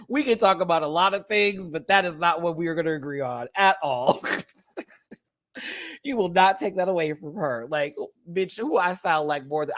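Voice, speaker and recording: Man, sassy campy livestream host, lively swooping pitch. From Houston, Texas. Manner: sassy and campy, quick asides and frequent laughter. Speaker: host of a live reaction show. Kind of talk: casual livestream commentary.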